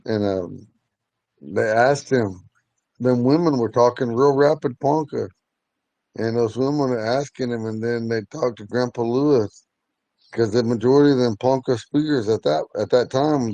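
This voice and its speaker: A man teaching a language class, telling stories in a relaxed way and laughing often. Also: mid-range voice, normal speed, dry recording. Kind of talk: casual storytelling in class.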